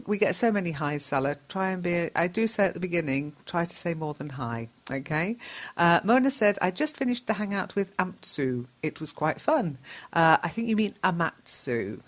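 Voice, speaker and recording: A woman's voice: fairly low pitch, animated, normal speed. A woman hosting a lesson, reading out learners' posts, patiently correcting them and laughing often. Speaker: English teacher and host.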